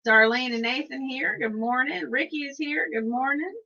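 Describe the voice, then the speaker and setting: A woman co-hosts a radio morning show, teasing her partner and laughing easily as she greets listeners. Her voice is fairly high, bright and sharp. The audio is muffled and lo-fi. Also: moderate pace. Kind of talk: casual on-air banter. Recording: muffled lo-fi live stream audio.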